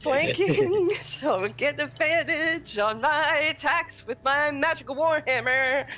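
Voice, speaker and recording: A woman's voice: sits high, a little slow, sharp tone, slight background noise. A woman playing a tabletop game, tallying her dice rolls aloud and laughing often. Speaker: player.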